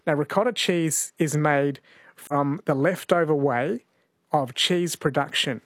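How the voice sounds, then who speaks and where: A man's voice: on the high side, measured pace, fairly bright tone, dry recording, studio quality. A man, hosting a talkback radio quiz and reading out listener texts in an easygoing way. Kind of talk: late-night talkback radio. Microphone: studio microphone.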